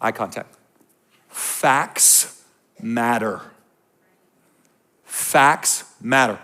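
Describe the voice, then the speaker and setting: Male pastor, middle-aged, gravelly edge, slightly high voice, chatty sermon to a church crowd. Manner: conversational, swings from quiet to loud ranting. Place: church auditorium before a congregation.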